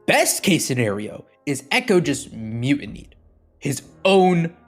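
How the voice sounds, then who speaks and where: A man's voice: fairly high pitch, big pitch swings, takes it slowly, soft background music. Man ranting animatedly between laughs. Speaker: player. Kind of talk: casual tabletop banter.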